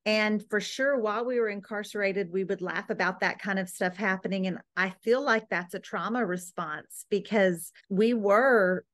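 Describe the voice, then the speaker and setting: A woman's voice: medium pitch, normal speed, few pauses, a bit bright. A woman hosting an interview, reflecting on her guest's story with empathy. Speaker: host. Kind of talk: interview conversation.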